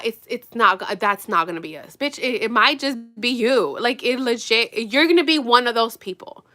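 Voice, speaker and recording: A young woman vlogging while getting ready, talking bluntly and with lots of swearing, swinging between loud outbursts and low mutters. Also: moderate pace, few pauses. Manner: animated, blunt and profane, drops to mutters. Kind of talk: casual get-ready-with-me rant.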